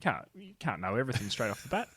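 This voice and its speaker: A man's voice: mid-range voice, sing-song, fast talker, fairly bright tone, breathy edge, no room sound. A man co-hosting a podcast, joking in casual banter. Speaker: podcast co-host. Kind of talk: casual chat.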